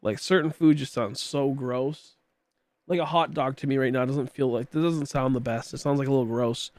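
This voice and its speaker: A man's voice: medium pitch, steady tone, normal speed, a little mellow, dry recording. A man in his late twenties chatting casually while streaming a game, rambling with many fillers and coughing now and then. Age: late 20s. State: coughing, throat tickly.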